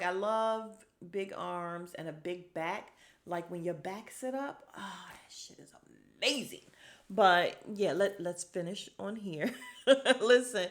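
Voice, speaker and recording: Animated woman recapping a show. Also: mid-range voice. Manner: animated, laughing, acts out characters' lines. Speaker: podcast host recapping a TV episode. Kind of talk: casual recap chat.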